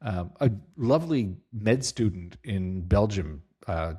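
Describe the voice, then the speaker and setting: A middle-aged man who runs a company speaks as an interview guest, his voice low-leaning, slightly rough, and slow. He tells stories casually and with energy, acting out quotes and laughing easily.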